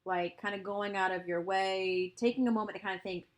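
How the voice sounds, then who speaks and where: Young woman cohosting a podcast, easygoing and thoughtful, lots of mm-hmms, middle pitch. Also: brisk. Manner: relaxed, reflective, affirming with frequent mm-hmms. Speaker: podcast co-host. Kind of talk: casual chat.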